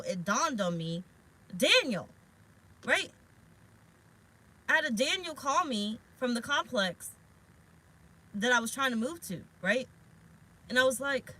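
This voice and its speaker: A woman's voice: on the high side, pushed and bright, rough recording. Frank, rambling woman tarot reader. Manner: rambling, frank, swears casually. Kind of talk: casual spiritual vlog talk. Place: parked car.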